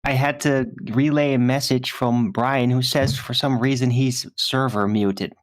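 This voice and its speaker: A man's voice: mid-range voice, steady tone, unhurried. A man with a mid-range voice on a casual online voice-call panel, musing through rhetorical questions in a philosophical vein.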